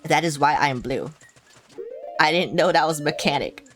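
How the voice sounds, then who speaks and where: A woman with a notably low voice talks over a video game as she plays, swearing freely and tossing off sarcastic asides. Faint game music sits quietly behind her. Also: moderate pace. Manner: profane, sarcastic, chatty asides to herself. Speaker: streamer. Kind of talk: live gameplay commentary.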